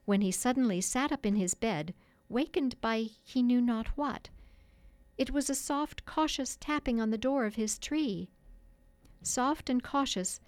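Woman narrator, storybook, expressive and measured, dry close mic. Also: fairly high pitch, no echo.

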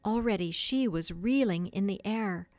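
Woman narrator, storybook, expressive and measured, dry close mic. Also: medium pitch, dry recording.

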